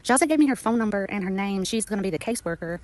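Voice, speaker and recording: A woman's voice: medium pitch, animated, racing. A woman with a Southern country accent, reporting in a voice message. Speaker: group admin.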